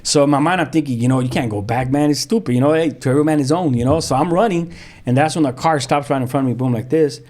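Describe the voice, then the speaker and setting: A man, a pastor telling his own story as a guest in lively, vivid storytelling with street slang and sound effects. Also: mid-range voice, quick pace. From South Central Los Angeles. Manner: frequent restarts, street slang. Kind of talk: animated storytelling.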